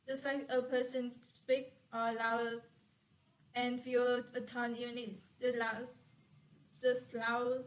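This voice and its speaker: Woman reading a class talk slowly. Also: a little high, level tone, rough recording. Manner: slow, halting reading with restarts. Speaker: student presenter.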